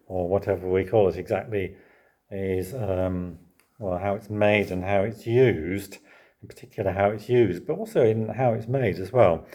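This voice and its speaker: Older male preacher, low register, chatty teaching sermon with rhetorical asides. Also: dark tone. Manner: conversational, with rhetorical tag questions. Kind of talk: expository sermon.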